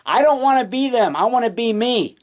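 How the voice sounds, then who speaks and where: A man rambling excitedly in a casual home vlog, full of restarts and trailing thoughts, recorded on a camcorder in his basement. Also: very high-pitched, fairly quick. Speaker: low-budget monster moviemaker. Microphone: camcorder mic.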